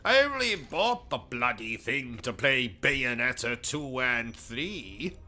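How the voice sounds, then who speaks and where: A man's voice: medium pitch, big pitch swings, takes it slowly, bright, forceful tone. A British man hosting a gaming livestream, ranting and trading insults in a pompous, over-the-top comic persona. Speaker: gaming channel host. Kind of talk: comedic livestream commentary.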